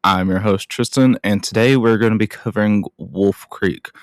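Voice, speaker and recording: A man's voice: fairly low pitch, moderate pace, no room sound, studio quality. A young adult man hosting a show, chatting through a movie recap in a rambling way with casual swearing. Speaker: podcast host.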